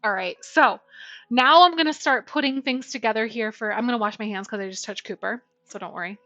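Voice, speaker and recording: A young woman streams a cooking session, chatting casually with her viewers and switching to a high baby voice for her dog. She speaks a little fast, with a pushed, bright tone. The recording is dry and muffled, with soft music in the background.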